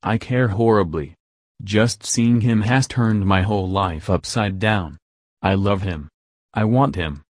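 A man's voice: lowish voice, unhurried, no room sound, clean studio sound. A man reading the lines of an impulsive young heroine who speaks in an earnest, heartfelt way. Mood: impassioned.

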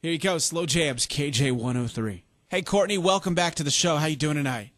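A man hosting a late-night radio dedication show from the studio, with smooth, steady on-air patter. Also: a little high, brisk, no echo.

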